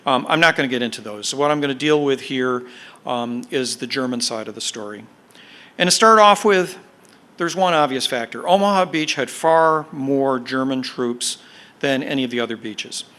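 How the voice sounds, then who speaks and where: A man with a bright, forward voice lectures on military history to an audience. He explains in a measured, deliberate way, leaning on key words and dropping the odd filler as he goes. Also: medium pitch. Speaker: guest speaker, military historian. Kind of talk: podcast lecture.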